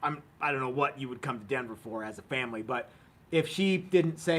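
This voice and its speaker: A man's voice: medium pitch, expressive, brisk, a bit bright. A man in his fifties hosting a casual live stream, chatty and jokey, rambling with restarts. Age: 50s. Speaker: host. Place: workshop studio.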